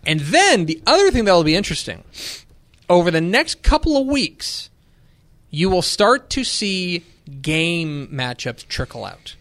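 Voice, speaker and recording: A man co-hosting a casual sports podcast, telling stories with lively energy and acting out what others said. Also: high voice, unhurried, dry recording. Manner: animated storyteller, acts out quoted voices. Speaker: podcast co-host.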